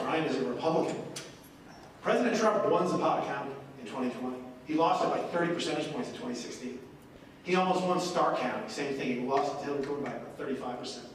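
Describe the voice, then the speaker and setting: A man giving a folksy, animated political town-hall speech, telling anecdotes and acting out other people. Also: a little high, slight background noise. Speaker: congressman speaking at a town hall. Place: large echoey courthouse hall. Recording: echoey hall recorded from a distance.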